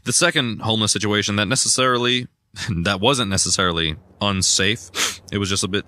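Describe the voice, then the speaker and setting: A young man chatting casually while he plays a video game, self-deprecating and given to sudden excited yelps. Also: lowish voice, a little fast. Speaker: gaming streamer. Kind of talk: casual rambling gameplay commentary.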